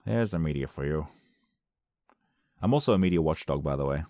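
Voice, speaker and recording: A man with a very deep voice reads odd news stories aloud and reacts to them. His talk is sarcastic and wanders into rambling asides. The recording is dry and close, with no room sound. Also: lively intonation, fairly quick, warm tone, dry recording. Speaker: video host. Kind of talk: reading and reacting to weird news.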